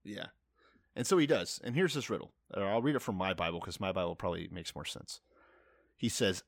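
A man's voice: deep voice, expressive, brisk, no room sound, studio quality. A young man in casual podcast chat, explaining a reading with wry, casual swearing.

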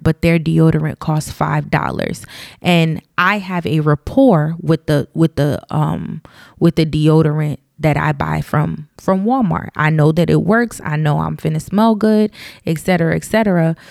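A woman's voice: low voice, creaky, darkish tone, no room sound, clean studio sound. A woman with a light Southern US twang talking in a casual opinion monologue to her listeners. She is chatty and candid, with many ums and asides.

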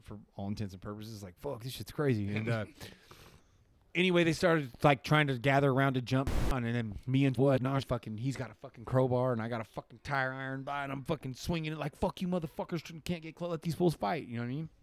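A man's voice: mid-range voice, fairly quick. A man on a podcast telling a rambling, profane story in casual slang. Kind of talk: casual chat. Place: podcast studio.

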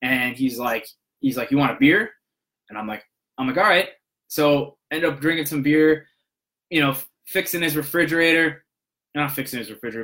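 A man's voice: medium pitch, fairly bright tone. A young man casually telling a long, rambling story to his viewers, full of restarts and "he's like" quotes. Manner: rambling, many restarts and "I'm like".

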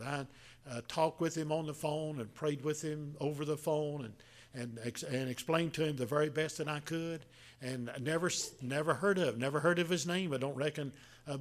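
A man, preaching a sermon in a folksy, halting way, with many restarts and fillers. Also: a little high. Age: 70s. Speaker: pastor.

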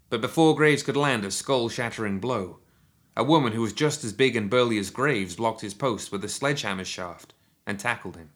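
A man narrating a written action story in a steady, measured storytelling manner. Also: fairly low pitch. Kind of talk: scripted audiobook narration.

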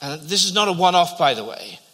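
A man preaching a sermon, telling a story and often repeating his words, then dropping to a hush at tender moments. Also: on the high side, very animated, fairly quick, husky. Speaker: pastor. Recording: long hall reverb.

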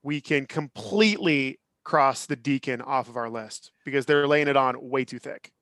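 A man in his thirties co-hosting a podcast, chatting casually in an animated, opinionated way with lots of restarts. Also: mid-range voice, normal speed, no echo, clean studio sound. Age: 30s. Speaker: podcast co-host. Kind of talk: casual chat.

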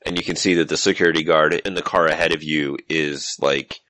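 A man narrating as game master of a tabletop role-playing game, explaining scenes in a relaxed way. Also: extremely low pitch, fast talker, no echo.

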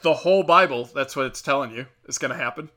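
A man's voice: medium pitch, quick pace, sharp tone. A man hosting a solo podcast, talking in a crude, profane, rambling monologue. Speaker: podcast host.

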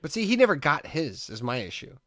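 A man's voice: on the high side, fairly quick, dry recording, clean studio sound. A man in his thirties co-hosting a podcast, telling a rambling story in casual chat, full of "like" fillers. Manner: rambling, animated, many "like" fillers. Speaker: podcast co-host.

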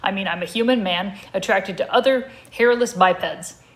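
A woman's voice: medium pitch, moderate pace, close to an everyday voice. A woman voicing an awkward, wary adult man who hesitates and backpedals, as part of a comic story reading at a live show.

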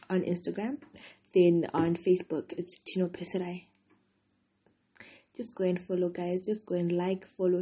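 A young woman talks through a rambling, casual podcast in a very husky, breathy voice. Her tone is dark and mellow and sits fairly low, and she sounds tired. She fills her sentences with "like" as she goes. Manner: chatty, rambling, heavy use of "like". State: tired, yawning. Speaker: podcast host. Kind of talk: casual solo venting podcast.

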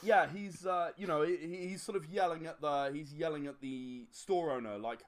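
A man's voice: a little high, moderate pace, hardly any pauses. A man running a tabletop game as game master, narrating in a rambling style with frequent fillers and chuckles.

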